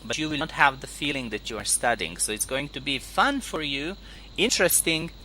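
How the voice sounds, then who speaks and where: A man's voice: medium pitch, lively intonation, a little fast, sharp tone, slight background noise, rough recording. A man teaching in a one-on-one online lesson, patiently repeating key words for his student. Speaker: English teacher.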